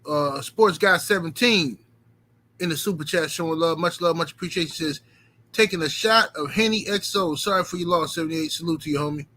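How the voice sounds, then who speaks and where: Guy on a livestream, kinda high bright voice, cussing a lot and repeating himself, goes from loud to muttering. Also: fairly quick. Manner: profane, emphatic, repeats himself; animated, swings from loud outbursts to muttering. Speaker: livestream host. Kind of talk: casual livestream talk, reading super chats.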